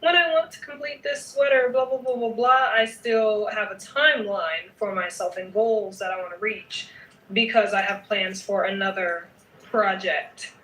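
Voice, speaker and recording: A woman's voice: mid-range voice, steady tone, moderate pace, fairly bright tone, roomy sound, far from the mic, poor audio. A woman chatting casually in a knitting vlog, playful and emphatic, often adding a teasing "okay?". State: sleepy at night. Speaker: knitting vlogger.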